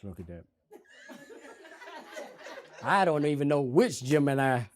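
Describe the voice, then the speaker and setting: A man's voice: mid-range voice, unhurried, a loud crowd. A man doing stand-up storytelling on a comedy stage, acting out quotes in a raised voice. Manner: animated, acts out quotes in raised voice.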